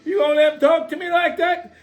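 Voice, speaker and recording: A man's voice: very high voice, little pitch movement, fast, soft background music, pitched above the performer's own voice. A man doing a bawdy, cooing older woman. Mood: flirty. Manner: coos and teases suggestively.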